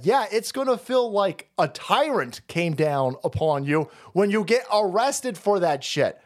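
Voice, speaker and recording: A man hosting a political talk stream, ranting with heavy profanity, frequent laughter and sudden wild jumps in pitch. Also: sing-song, a little slow, hardly any pauses. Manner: loud, profane, laughs often, swings pitch wildly. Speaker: political podcast host.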